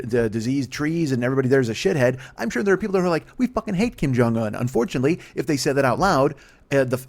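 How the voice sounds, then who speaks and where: A man in his forties hosting a comedy podcast alone, delivering a rambling, profane monologue that keeps interrupting itself. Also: mid-range voice. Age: 40s.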